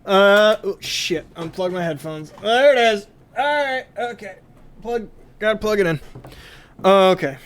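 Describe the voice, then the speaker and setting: A man's voice: high voice, lively intonation, a little slow, fairly bright tone, smooth. A man running a tabletop game as game master, laid-back and joking.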